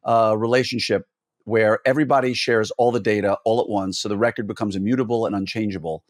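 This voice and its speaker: A man's voice: on the low side, steady tone, quick pace, no room sound. Dry-sounding male podcast host. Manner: explains at length, poses skeptical questions playfully. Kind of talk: conversational podcast interview.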